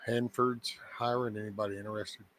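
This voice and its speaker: A man's voice: fairly low pitch, level tone, brisk, fairly bright tone. A man hosting a casual morning chat show who talks in a folksy, meandering, joking way. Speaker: host of a daily live show.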